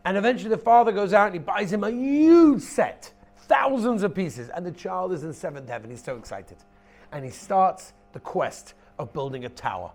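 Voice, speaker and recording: Animated man giving a Torah class. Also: high voice, moderate pace. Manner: emphatic, repeats key phrases, acts out stories. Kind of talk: lively Torah lecture.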